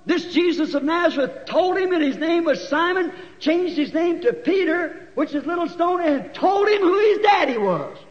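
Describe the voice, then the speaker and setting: A man preaching a sermon in folksy storytelling, sometimes rising to shouts, recorded in a church hall. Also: very high voice, lively intonation, moderate pace, few pauses. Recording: dull recording with long hall echo.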